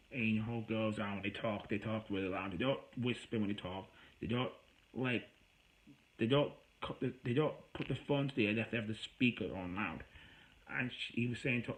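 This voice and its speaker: A man telling an emotional personal story to camera, agitated and rambling, his voice rising high when he gets worked up. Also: a bit bright, rough recording. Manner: agitated, rambling, with raised voice when quoting himself; self-described voice that gets high when upset. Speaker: vlogger.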